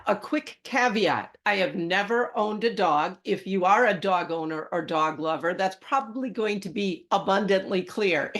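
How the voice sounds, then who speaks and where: A middle-aged woman, telling a personal story to camera in an expressive way, moving between urgent and hushed. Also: medium pitch. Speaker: personal growth channel host.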